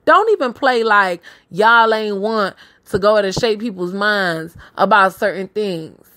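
A woman's voice: medium pitch, a little slow, a bit bright. A woman hosting a casual news and politics show, talking straight to her listeners with sassy, slangy asides. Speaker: podcast host.

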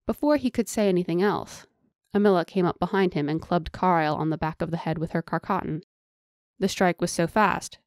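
A woman narrating a fantasy audiobook in a measured storytelling manner. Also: on the low side, a little mellow, no room sound, clean studio sound.

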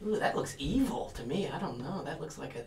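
Male guest, lively pitch, self-mocking storyteller, a little off-mic in a roomy space. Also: quick pace, creaky, recorded from a distance, a crowd in the background. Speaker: guest actor and comedian. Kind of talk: casual interview chat.

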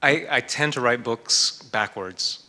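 A man's voice: mid-range voice, slow, bright, forceful tone. A man, an author and art historian, speaking in a panel discussion in a thoughtful, hesitant way with frequent fillers. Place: lecture hall. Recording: reverberant hall.

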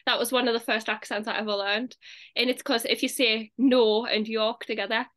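A young British woman talks about acting in a loose, chatty way. Her voice sits a little high and sounds very bright. She leans on "like" fillers and laughs easily. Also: fairly even intonation, moderate pace. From England. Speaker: actress, guest. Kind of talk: casual interview chat.

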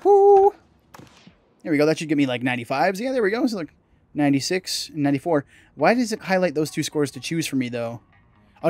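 A young man, a gaming channel host, giving casual gameplay commentary, chatty and excitable, swearing mildly and yelping when things go wrong. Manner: excitable, bursts into high yelps and laughs at mistakes. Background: faint game music.

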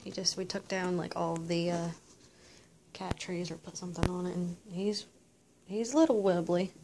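A woman's voice: fairly low pitch, fairly even intonation, moderate pace, noisy background. A woman chatting casually in a vlog, cooing baby talk at her cat, first from a car and then at home. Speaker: pet owner vlogger.

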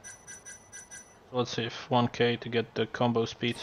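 A man giving relaxed, muttered running commentary while playing a video game. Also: mid-range voice, takes it slowly, a little hiss or hum. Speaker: gamer.

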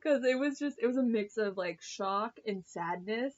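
A woman's voice: fairly high pitch, animated, moderate pace, dull audio. A woman vlogger reviewing a TV episode in a chatty, gushing way, full of fillers and swearing. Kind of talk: casual chat.

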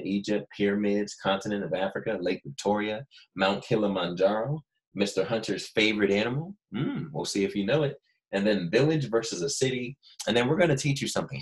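Male grade-school teacher, low voice, animated and encouraging, leads kids in call-and-repeat. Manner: animated, coaxing children to repeat words. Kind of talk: remote classroom lesson. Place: Los Angeles.

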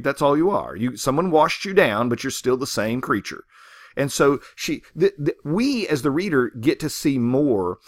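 A man's voice: medium pitch, a bit bright, no room sound. A man teaching a short story in a conversational lecture, often checking in with listeners. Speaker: literature teacher.

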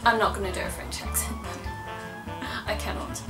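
A young Russian woman vlogs casually to camera, chatty and sarcastic, laughing often. Her voice is medium-pitched and measured. She's recorded from a distance in an echoey room with music behind her.

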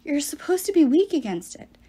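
A woman's voice: high-pitched, very animated, brisk, warm tone, voice pushed up. A woman voicing a fierce young girl demigod who speaks with urgent, defiant force. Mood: frightened. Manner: defiant, then shaken.

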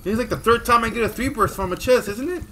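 A man giving live commentary as he plays a video game, jumpy and excitable, full of exclamations. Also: very high-pitched, fast, vocal fry, slight background noise. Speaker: gaming streamer.

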